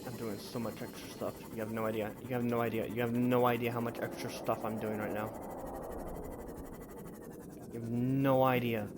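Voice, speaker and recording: A man giving live commentary while streaming a game, panicky and excitable, swearing at what chases him. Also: mid-range voice, moderate pace, long pauses, very noisy. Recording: loud game audio under the voice.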